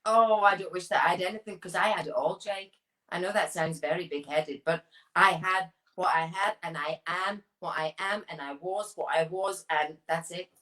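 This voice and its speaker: An older woman answering a quick run of casual questions as an interview guest, chatty and self-assured. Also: lowish voice, fairly even intonation, a bit bright, rough recording.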